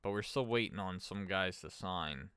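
A man's voice: deep voice, moderate pace, a bit bright, clear, resonant tone, dry recording, clean studio sound. A man giving casual gameplay commentary as a streamer, thinking aloud and chatting with his viewers. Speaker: gaming streamer.

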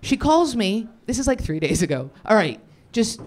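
A young woman doing improvised stand-up on a club stage, brash and profane, riffing fast and slipping into mocking voices. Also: mid-range voice, very animated, a little mellow. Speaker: stand-up comedian. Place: comedy club stage with audience.

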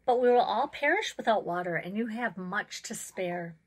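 Fields: Figure: gentle old male oak tree, voiced by a woman. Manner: soft, apologetic. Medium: storybook. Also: mid-range voice, animated, normal speed, lightly acted.

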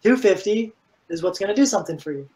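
A man's voice: high-pitched, fast, poor audio. A man being interviewed as a fitness coach, speaking casually and with energy, and filling his talk with "like". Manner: energetic, animated storytelling with many "like"s.

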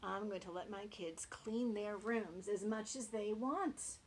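A woman voicing a neat little boy piglet in a storybook, high and whiny. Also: measured pace, a little hiss or hum, natural voice.

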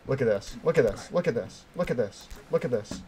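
An excitable young man commentates his own gameplay, muttering to himself one moment and yelping the next. His voice sits at an ordinary middle pitch. Faint game sounds run quietly underneath. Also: fairly quick, a little hiss or hum. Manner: excitable, swinging between mutters and yelps. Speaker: gaming streamer.

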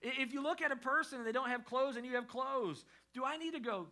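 A man's voice: extremely high pitch, fast. A middle-aged man preaching a sermon as pastor in a church, in a conversational style that rises in intensity. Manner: conversational preaching with a lively rising delivery. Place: church sanctuary.

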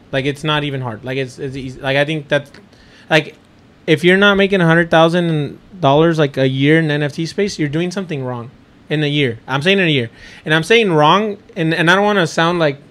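A young man chatting casually as a podcast guest, an excitable storyteller who swears freely. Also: fairly high pitch. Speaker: podcast guest, NFT creator. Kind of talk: casual chat.

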